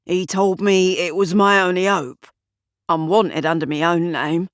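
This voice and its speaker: A woman plays a small-time thug in an audiobook. His voice is rough and low, slow and sheepish, with a worried undertone. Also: steady tone, no room sound, studio quality, natural voice. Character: sheepish male street thug.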